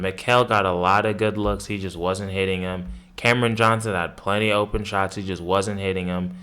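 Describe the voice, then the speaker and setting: A man's voice: fairly low pitch, bright, forceful tone. Profane, exasperated male sports podcast host. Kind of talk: casual sports commentary rant.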